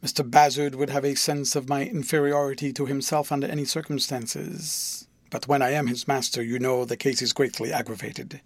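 A man's voice: medium pitch, flat delivery, moderate pace, few pauses, no echo, lightly acted. A man voicing a fussy, secretive elderly guardian who speaks in a stiff, formal, confiding way. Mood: solemn. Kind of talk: audiobook dialogue reading.

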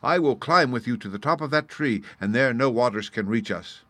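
A man's voice: mid-range voice, animated, brisk, pushed and bright, no room sound, pitched above the performer's own voice. A man reading as a frantic young man. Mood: urgent. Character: panicked young man clutching his sweetheart.

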